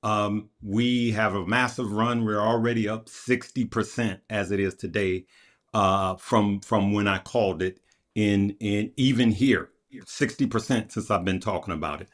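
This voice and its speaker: A man, a guest stock commentator, chatting casually about his picks and telling a funny story in an animated way. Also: on the low side, a little slow. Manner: animated storyteller, laughing retelling. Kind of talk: casual group chat on stocks.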